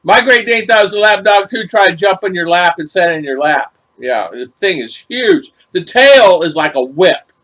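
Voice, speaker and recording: A man's voice: high voice, animated, moderate pace, hardly any pauses, a bit bright. A middle-aged man hosting a casual livestream, chatting and greeting viewers in the chat by name. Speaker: vlog host reading live chat.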